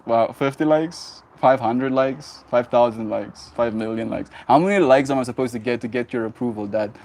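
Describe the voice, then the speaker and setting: A man in his twenties, a streamer telling a personal story in a casual livestream, emphatic and quick to laugh. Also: mid-range voice. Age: 20s. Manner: animated and emphatic, laughs often, swears.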